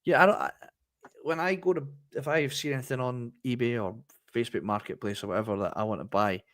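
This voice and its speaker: A man's voice: medium pitch, fast talker, a bit bright, no echo. A man co-hosting a casual football podcast, acting out haggling exchanges as he tells stories. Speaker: podcast co-host.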